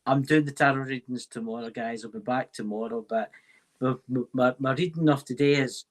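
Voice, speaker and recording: A man with a husky, slightly breathy voice chatting as a podcast guest at a middle pitch. He rambles and restarts his sentences as he talks. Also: moderate pace. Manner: rambling, with lots of fillers and restarts. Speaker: podcast guest, tarot reader. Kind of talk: casual chat.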